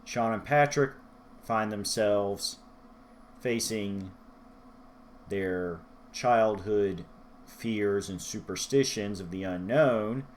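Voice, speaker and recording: A man's voice: on the low side, slow pace, slight background noise. A man talking through a book review in a rambling, self-deprecating vlog style. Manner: rambling, self-deprecating, loses his place in his notes.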